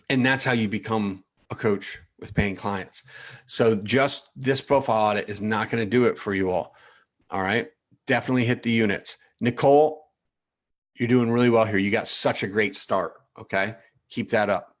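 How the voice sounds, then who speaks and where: A man coaching in a live training session, reviewing profiles aloud in an animated way, repeating himself and calling viewers by name. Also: mid-range voice.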